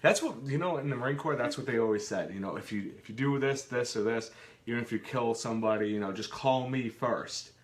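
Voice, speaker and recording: With a medium-pitched voice going a little fast, a man co-hosts a live Q and A from his kitchen. He's jokey and rambling, often letting thoughts trail off before restarting.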